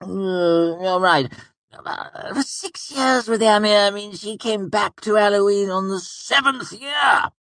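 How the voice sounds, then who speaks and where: A man voicing an excitable, short older nobleman who talks animatedly. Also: sits high, slow, no echo, raised voice, clean studio sound, voice pushed up, exaggerated voice. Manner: giddy, animated, gesturing wildly.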